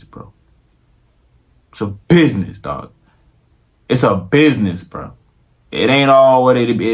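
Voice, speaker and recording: A young man vlogging straight to camera in casual, slangy, profane talk that rambles and repeats itself. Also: medium pitch. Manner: slows into mock-grand preaching toward the end.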